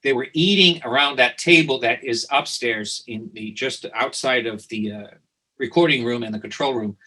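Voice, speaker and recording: Man, bright and forceful, animated storyteller in interview, restarts a lot. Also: medium pitch, moderate pace, poor audio. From Italy. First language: Italian. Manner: animated, repeats words and restarts often. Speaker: guest, company founder.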